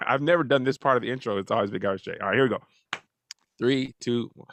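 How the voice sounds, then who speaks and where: A man's voice: medium pitch, animated, moderate pace, vocal fry, pauses often, a bit bright, no room sound. A man hosting a talk show in a loose, joking way, introducing a guest and asking questions. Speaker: host.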